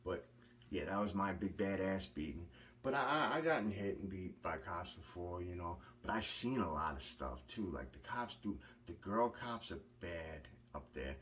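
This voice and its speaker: A man's voice: sits low, lively intonation, normal speed, fairly bright tone, far from the mic, slight background noise. A man from Long Island, telling a rambling, profane story in a casual monologue. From Long Island, New York. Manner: blunt, profane, rambling with restarts. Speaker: vlogger recounting prison experiences.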